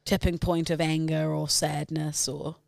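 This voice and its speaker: A woman's voice: low-pitched, flat delivery, creaky, darkish tone, dry recording, clean studio sound. A woman co-hosting a podcast, chatting casually and jumping in eagerly. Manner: chatty, quick to jump in. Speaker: podcast co-host. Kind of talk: casual chat.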